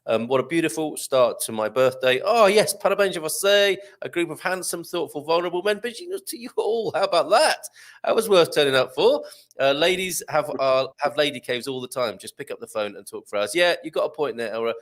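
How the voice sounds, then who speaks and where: A man's voice: fairly high pitch, expressive, brisk. A man hosting a live chat show, reading out viewer comments in a jokey, chatty way. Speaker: host.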